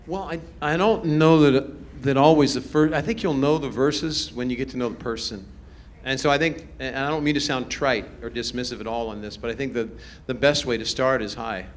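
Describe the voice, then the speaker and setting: A man, a pastor, answering audience questions in a relaxed, storytelling way, chuckling as he goes. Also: mid-range voice, slight background noise. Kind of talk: casual Q&A talk to a youth group. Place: church event hall with a live audience.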